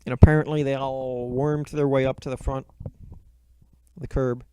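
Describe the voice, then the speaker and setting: A man's voice: medium pitch, flat delivery, measured pace, darkish tone, slight background noise. A man giving a casual recap of a book and movie, swearing constantly with sardonic, rambling asides.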